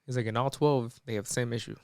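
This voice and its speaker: A man's voice: mid-range voice, steady tone, fast talker, dark tone, clean tone, dry recording, clean studio sound. Man casually retelling a movie plot. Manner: retells a movie plot with many "he's like" quotes. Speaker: podcast co-host. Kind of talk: casual storytelling chat.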